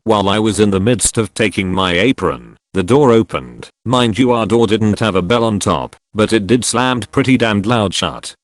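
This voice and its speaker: A man's synthetic voice reading online stories aloud as a steady scripted narration. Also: fairly low pitch, moderate pace, few pauses, no room sound, studio quality.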